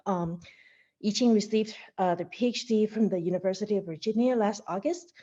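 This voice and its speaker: Out of breath woman introducing a seminar speaker, mellow voice, muffled call audio. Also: medium pitch, fairly quick. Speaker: seminar host. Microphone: video call.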